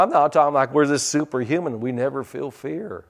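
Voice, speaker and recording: A man preaching a sermon in a folksy, rambling storytelling way, rising into loud bursts. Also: fairly high pitch, fairly quick, creaky.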